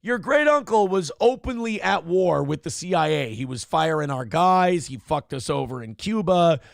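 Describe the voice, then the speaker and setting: Man doing a CIA agent, blunt, crude, offhand, gravelly. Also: fairly high pitch, animated, normal speed, no echo, clean studio sound. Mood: matter-of-fact. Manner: casual, matter-of-fact, crude.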